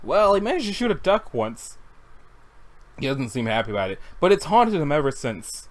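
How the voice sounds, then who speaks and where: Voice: medium pitch, very animated, normal speed. A webcomic reader chatting casually at a computer, rambling and interrupting themself. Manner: giggly, rambling, self-interrupting. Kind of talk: casual comic read-along.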